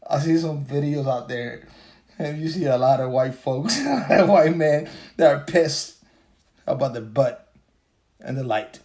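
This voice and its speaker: A man's voice: mid-range voice, lively intonation, a little slow, a little mellow. A man hosting a livestream podcast in a casual, profane rant, repeating himself and laughing as he talks. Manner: profane, repetitive, laughs while talking. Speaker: podcast host.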